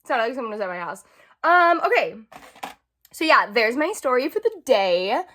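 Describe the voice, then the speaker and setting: High-voiced chatty young woman vlogger. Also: very animated, normal speed, fairly bright tone. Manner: chatty storytelling, full of "like". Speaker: beauty vlogger. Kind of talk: casual chat.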